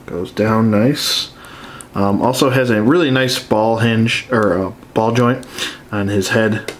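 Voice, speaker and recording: A man's voice: fairly low pitch, takes it slowly. A stuffed-up man reviewing an action figure in an easygoing, conversational way. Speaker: toy collector reviewer. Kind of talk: casual toy review.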